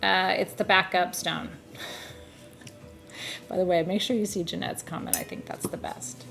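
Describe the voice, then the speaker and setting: A woman's voice: fairly low pitch, fairly even intonation, measured pace, gravelly, music in the background. A woman co-hosting a live crystal show in casual, playful chat. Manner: chatty, playful, breaks into laughter.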